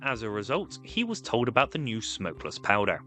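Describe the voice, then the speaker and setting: A man narrates history from a script, dropping wry, sarcastic jokes along the way. His voice sits on the low side but sounds bright and forceful, with faint music underneath. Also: wildly swooping pitch, fairly quick. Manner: wry, jokey, sarcastic asides.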